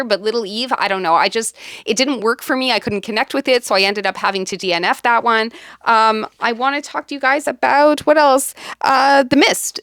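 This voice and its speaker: A woman talks her way through a casual reading vlog, rambling and correcting herself as she goes. Her voice is smooth and clear at a middling pitch. The sound is dry and close. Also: a bit bright, dry recording. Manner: rambling, frequent ums and self-corrections. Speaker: book vlogger.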